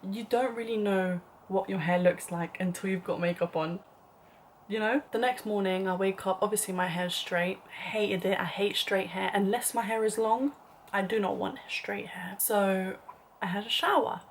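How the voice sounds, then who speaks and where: A woman's voice: mid-range voice, steady tone, moderate pace, slight background noise. A young woman telling a dramatic story in a casual vlog, chatty and full of "like", sometimes dropping to a whispered aside. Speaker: vlogger.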